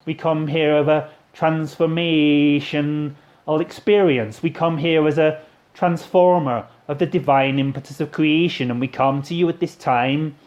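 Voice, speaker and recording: A grandiose alien messenger , voiced by a man channeling it, intones in a strange put-on foreign-sounding accent, tripping over words. The voice sits a little high for a man, and the phrases circle and repeat like an incantation. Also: steady tone, a little slow, darkish tone, muffled recording, close to an everyday voice. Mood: solemn. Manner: rambling, repetitive cosmic incantation. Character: solemn alien messenger Tahini, male, grandiose. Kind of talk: channeling session.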